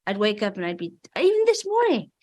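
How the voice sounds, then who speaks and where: A British woman with a British accent, a guest actor chatting casually and warmly in an interview. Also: medium pitch, wildly swooping pitch, fast. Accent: British English. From Britain.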